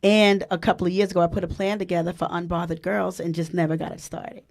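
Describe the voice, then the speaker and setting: A woman hosting a casual online radio talk show, excitable and quick to laugh and exclaim, greeting listeners in the chat. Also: lowish voice, creaky. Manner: spells words aloud, reads chat comments.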